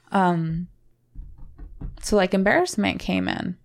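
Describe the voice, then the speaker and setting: A young woman co-hosting a casual podcast, her voice sitting fairly low with a gravelly fry. She rambles emotionally, stopping and restarting her sentences as she goes. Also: animated, slow pace. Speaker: podcast co-host.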